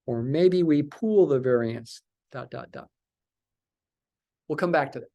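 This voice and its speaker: Unhurried and warm, a man's slightly high voice carries a recorded statistics lecture. He stresses points by repeating words, posing his own questions and then answering them.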